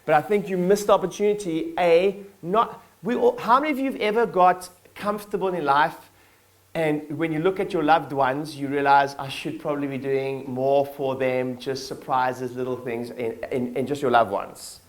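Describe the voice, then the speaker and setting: A fairly high-voiced man gives a motivational keynote to his employees. He talks loosely and energetically, full of fillers, and keeps asking the crowd to repeat phrases back to him. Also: moderate pace. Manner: energetic, casual, lots of fillers and audience call-and-response. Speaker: business owner giving a keynote to staff. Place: conference hall with an audience.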